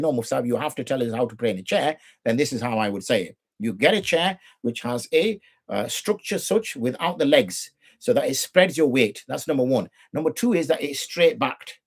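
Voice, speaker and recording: This middle-aged man, an Islamic jurist, has a slightly rough, mid-range voice. Teaching prayer rules on a live broadcast, he makes his case with rhetorical questions and imitates those he corrects.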